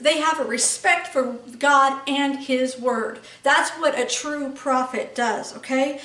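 High-voiced woman preaching in an echoey room. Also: measured pace, hardly any pauses, bright, forceful tone, recorded from a distance. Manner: emphatic, frequent rhetorical "okay?" checks. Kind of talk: sermon teaching.

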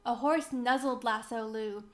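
A woman reading a children's picture book aloud, slow, clear and expressive for young children. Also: on the high side. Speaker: museum storybook reader.

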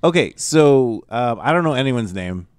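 A man co-hosting a casual podcast about films, animated and swearing, who acts out what others said. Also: medium pitch, normal speed, clear, resonant tone, no echo, studio quality. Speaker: podcast co-host. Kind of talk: casual chat about film.

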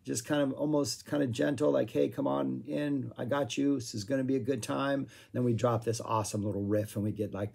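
A man casually talking through his favorite songs, with frequent fillers and a voice that is going hoarse. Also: mid-range voice. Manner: rambling, filler-heavy, hums guitar riffs. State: losing his voice, clearing throat. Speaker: music review vlogger. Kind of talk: casual chat.

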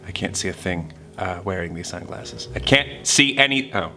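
A man's voice: sits low, animated, normal speed, pushed and bright, faint music behind. A man hosting a casual, playful film reaction, often gasping and laughing at the screen. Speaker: host reviewing a film.

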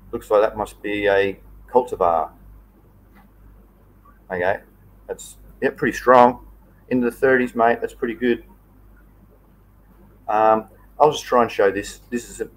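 A man's voice: lowish voice, slow pace, long pauses, rough recording. Easygoing Australian man chatting live. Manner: chatty, easygoing, loose and rambling. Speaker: livestream host. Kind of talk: casual live chat.

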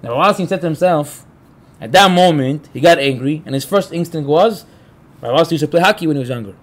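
A man's voice: on the high side, fast talker. A man, a rabbi, giving a Torah class to a live group, telling stories with energy, acting out quotes and asking the room questions. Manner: animated storyteller, acts out quotes; talks to the room, asks the listeners.

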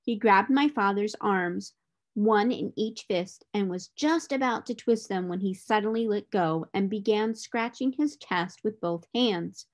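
A woman tutor reading a children's storybook aloud in a clear, expressive way. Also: medium pitch, unhurried.

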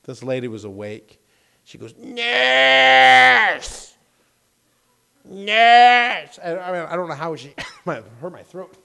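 Speaking briskly and expressively in a mid-range voice, a male pastor delivers a church sermon over a microphone. He wanders with self-deprecating jokes, going from quiet asides to loud outbursts.

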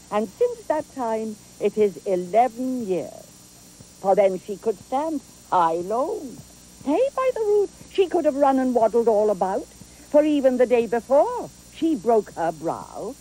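A garrulous old nurse rambles fondly through her memories in a slow, unhurried stage delivery. Her voice swoops widely from low to high, chuckling as it goes. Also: dark tone, a little hiss or hum, rough recording. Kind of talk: theatrical Shakespeare performance.

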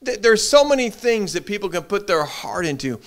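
A middle-aged man preaching a sermon as pastor, animated, repeating his words as he builds. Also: sits high, moderate pace. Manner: animated preaching, acts out short quoted voices, frequent repeated words.

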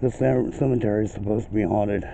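A man's voice: on the low side, steady tone, fast talker, creaky, dark tone, a little hiss or hum, poor audio. A man vlogging casually from an outdoor cemetery, calling out to spirits in a raised voice as a paranormal investigator.

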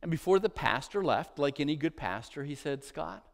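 A male pastor preaching a sermon in a church, moving between emphatic, loud declarations and hushed, soft phrases as he tells a story in repeated lists. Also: a little high, expressive, brisk. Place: church sanctuary.

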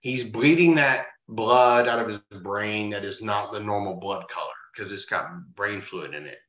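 A man's voice: lowish voice, moderate pace, a bit bright. A man, a bouncer, telling a bar story in casual talk, swearing freely and acting out the voices of the people in it. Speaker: podcast guest, bar bouncer. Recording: roomy, dull-sounding.

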